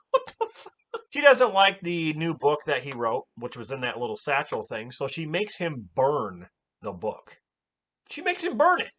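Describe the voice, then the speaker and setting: A man recapping a movie in a casual, animated way, exclaiming often and swearing a lot. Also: sits high. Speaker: movie reviewer.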